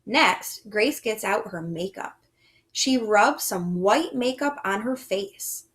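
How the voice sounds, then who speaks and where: Woman teacher for young kids, measured pace, warm praise, animated melody. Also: mid-range voice. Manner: slow, sing-song and encouraging, with frequent praise. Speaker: first grade teacher. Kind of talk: reading lesson for young children.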